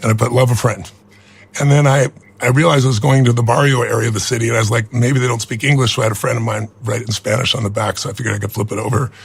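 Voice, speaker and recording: Gravelly, earnest man in his sixties. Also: medium pitch, fairly even intonation, rapid-fire. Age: 60s. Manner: earnest, reflective, emotional. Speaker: interview guest. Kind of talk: personal storytelling in an interview.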